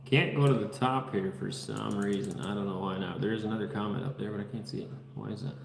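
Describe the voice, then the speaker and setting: A man's voice: lowish voice, fairly even intonation, fast, gravelly, echoey room, big-room sound, noisy background. A man from the Netherlands hosting a casual livestream from an unfinished house, reading viewers' comments and names aloud in an easygoing way. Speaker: livestream host. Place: unfinished house under construction.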